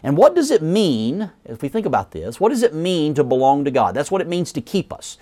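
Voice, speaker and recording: Preacher man with a lively, swooping voice. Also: on the high side. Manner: reads scripture aloud, slows and drops at phrase ends; self-corrects mid-sentence. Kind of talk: sermon.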